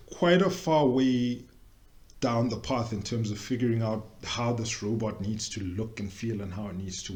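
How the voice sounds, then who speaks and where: A young adult man, presenting a workshop in a casual, joking way with quick tangents. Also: fairly low pitch, a little mellow. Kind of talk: casual explanatory talk.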